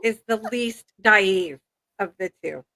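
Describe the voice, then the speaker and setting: A woman hosting a casual game-show chat, bubbly and quick to laugh. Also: mid-range voice, bright, forceful tone. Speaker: host.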